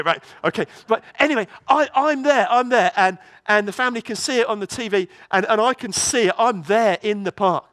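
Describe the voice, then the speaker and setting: A man preaching a sermon in a church, telling a story in a lively way with many restarts. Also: high-pitched, dry recording.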